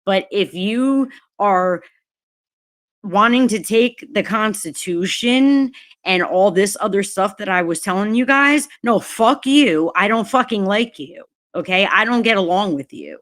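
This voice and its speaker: A woman vents on a casual livestream. She talks slowly at a middle pitch, swears freely and keeps repeating her angry points. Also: animated, a bit bright. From New Jersey, USA. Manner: angry, profane, repeats herself. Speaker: livestream host.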